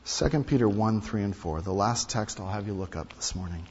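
A male pastor preaching a sermon, emphatic, repeating key lines and swinging between loud and hushed delivery. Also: lowish voice, lively intonation, a little fast, slight background noise. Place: large hall or sanctuary. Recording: dull sound with long hall reverb.

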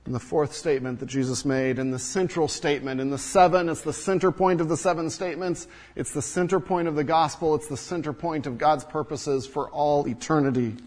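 A man preaching a sermon to his congregation, swinging from hushed low passages to loud emphatic peaks, with repetition and rhetorical questions. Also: steady tone, fairly quick, hardly any pauses. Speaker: pastor.

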